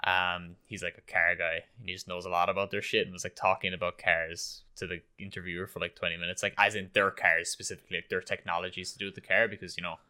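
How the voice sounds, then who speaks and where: A young university student in casual chat, relaxed and swearing casually. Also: male voice, low voice, fast talker, hardly any pauses, clean tone. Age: young adult.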